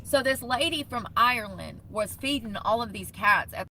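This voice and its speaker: Brief: young woman vlogger, ranting and cussing, bright and forceful tone, faint vehicle noise behind. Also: on the high side, animated, normal speed. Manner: indignant, profane, quotes people in short bursts. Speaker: van-life vlogger. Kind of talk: ranting vlog storytime.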